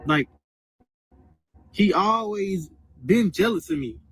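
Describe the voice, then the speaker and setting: A man's voice: sits high, animated, fairly bright tone, slightly rough, dry recording, faint music behind. A twenty-year-old man venting in a casual, rambling and aggrieved way about family. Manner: aggrieved, rambling, fast and repetitive. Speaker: guest telling his story.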